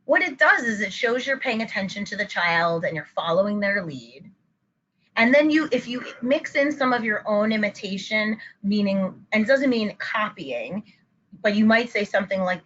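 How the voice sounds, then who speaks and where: Woman therapist explaining stuff to parents, bright voice, kinda dull webinar sound. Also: mid-range voice, lively intonation, normal speed, slight background noise. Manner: explanatory, modeling upbeat praise phrases. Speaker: child anxiety therapist. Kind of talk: webinar presentation.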